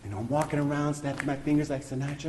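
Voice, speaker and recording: A man's voice: fairly high pitch, fairly even intonation, very fast, darkish tone, reverberant, a little hiss or hum, lightly acted. A man playing an insecure, self-doubting actor with a dramatic, neurotic manner in a community radio play. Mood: anxious. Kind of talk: amateur radio play acting.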